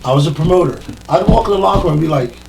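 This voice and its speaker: A man who is a guest in a casual round-table chat, an excitable storyteller who acts out what people said. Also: on the high side, rapid-fire, gravelly. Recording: slightly distant mic with faint hum.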